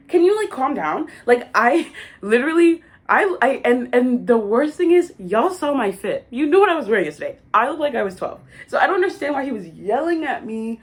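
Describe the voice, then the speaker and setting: A young woman vlogger telling a story in a casual, dramatic way, full of likes and asides. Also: on the high side. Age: young adult.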